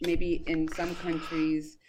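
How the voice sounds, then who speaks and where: An American woman with a somewhat low voice explains things patiently as a guest doctor on a podcast. She talks in a measured, hedging way, filling pauses with frequent ums. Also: level tone, darkish tone, a little hiss or hum. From United States. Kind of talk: explanatory interview answers.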